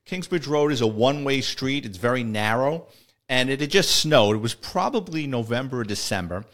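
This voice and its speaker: A man's voice: medium pitch, lively intonation, moderate pace, a bit bright. A middle-aged man, a retired police officer telling old stories in a casual, rambling way that doubles back on itself and chuckles along. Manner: rambling, restarts sentences, chuckles while telling. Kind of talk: casual storytelling.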